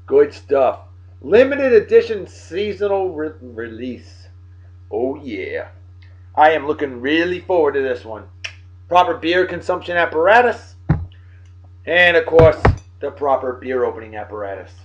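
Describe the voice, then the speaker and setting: A man hosting a casual show, giving boisterous, jokey shout-outs full of slang. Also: on the high side, big pitch swings, measured pace. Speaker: host. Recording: dull lo-fi sound with faint music.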